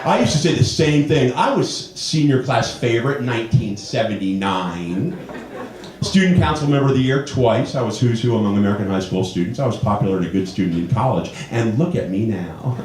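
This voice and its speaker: Animated stand-up comic in his fifties. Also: brisk. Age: 50s. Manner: animated storytelling, jumps high for quoted voices. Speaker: stand-up comedian. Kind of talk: stand-up comedy set. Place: comedy club stage. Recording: roomy club with audience laughter. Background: audience laughing.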